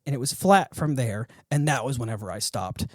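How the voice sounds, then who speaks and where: A man hosting a podcast, telling a story with animated energy, swearing and laughing. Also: medium pitch, a little fast, no room sound, studio quality. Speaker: podcast host. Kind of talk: casual chat.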